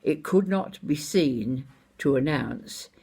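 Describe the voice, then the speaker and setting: An older Scottish woman telling a personal anecdote in an unhurried, wry and expressive way. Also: deep voice, creaky, husky. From Scotland. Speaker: storyteller.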